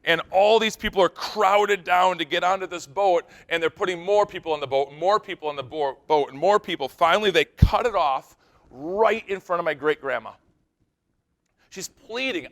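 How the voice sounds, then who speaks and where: A male pastor, fairly high in pitch and speaking at a moderate pace, gives a conference keynote sermon. He tells stories with animation, shifting between loud bursts and hushed, serious passages.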